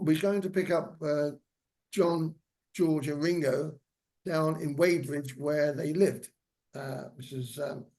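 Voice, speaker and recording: A man's voice: a little high, darkish tone. An older man, a former hairdresser, telling rambling anecdotes with many fillers as a guest speaker in a lecture. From England. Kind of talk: lecture storytelling. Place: senior center lecture hall.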